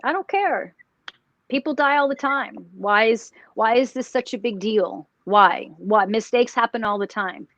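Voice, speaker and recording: A woman's voice: fairly high pitch, unhurried, fairly bright tone, no echo. A woman channeling a callous, cocky male mobster spirit, speaking flippantly and dismissively. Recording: dull dry lo-fi audio.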